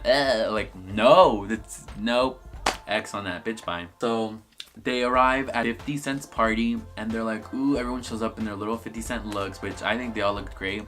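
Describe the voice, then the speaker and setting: Young man, casual vlog commentary, sassy and profane, low voice. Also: moderate pace, a bit bright, soft background music. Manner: sassy, swears a lot, acts out the cast in quotes. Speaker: reality TV reviewer.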